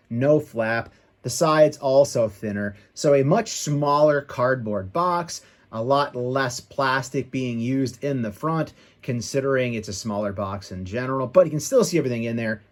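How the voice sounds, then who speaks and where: A man hosting his own toy review channel, talking in an upbeat, chatty and self-mocking way while showing an action figure. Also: medium pitch.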